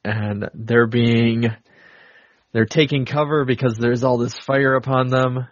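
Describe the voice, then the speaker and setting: A man's voice: medium pitch, steady tone, measured pace, dry recording. A man in casual podcast chat, walking through film scenes with plenty of fillers and restarts. His voice sits in a middle register. The recording is dry and a little muffled. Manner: rambling, retells film scenes with many fillers. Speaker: podcast co-host. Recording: dull lo-fi dry sound.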